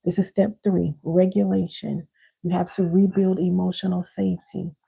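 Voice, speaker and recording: Woman teacher, deep and dark, husky, emphatic and direct with her audience; dull lo-fi recording. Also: little pitch movement, normal speed. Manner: emphatic, repeats key lines, calls listeners baby and y'all. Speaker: parenting and healing teacher.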